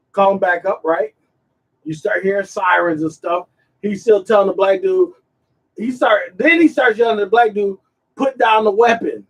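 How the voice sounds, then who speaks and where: Husky high-voiced man telling a story. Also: distant mic, poor audio. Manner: animated retelling, acts out quotes, repeats himself. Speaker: podcast host. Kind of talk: casual storytelling chat.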